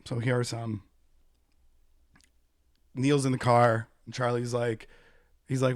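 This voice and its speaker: A young man co-hosts a podcast, chatting casually and acting out movie moments with animated energy. His pitch sits in the middle range. The sound is close and dry. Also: normal speed, long pauses, no echo. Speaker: podcast co-host. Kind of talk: casual chat.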